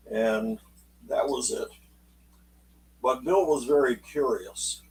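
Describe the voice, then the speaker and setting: A man telling a true story aloud in an unhurried, folksy way, voicing the people in it as he goes. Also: mid-range voice, darkish tone, distant mic, a little hiss or hum, low-quality recording. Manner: unhurried, folksy, acts out quotes in dialogue. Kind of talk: spoken oral storytelling.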